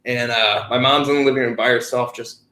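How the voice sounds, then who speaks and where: A young man co-hosting a podcast, telling stories in a profane, animated way. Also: mid-range voice, brisk, roomy sound, slight background noise. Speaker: podcast co-host. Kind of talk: casual chat.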